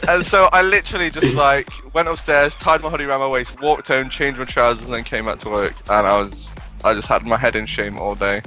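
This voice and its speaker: A man's voice: mid-range voice, fairly even intonation, a little fast, few pauses, pushed and bright, faint music behind. A young man, a podcast co-host telling rambling, sweary anecdotes in casual chat.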